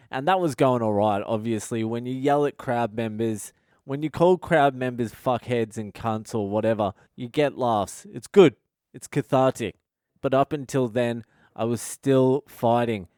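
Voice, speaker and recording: A man rants through a story in a blunt, swearing, casual monologue. His voice is smooth and resonant, and the recording is close and dry with no room sound. He talks like a podcast host just letting it all out. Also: medium pitch, moderate pace, a little mellow, no echo. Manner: foul-mouthed, blunt, ranting.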